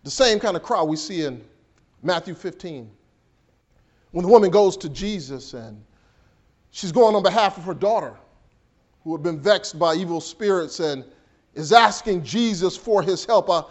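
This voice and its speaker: A man preaching a sermon as pastor, swinging between hushed and raised delivery, often repeating words as he builds a point. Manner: preaching with dramatic swings in pitch and volume.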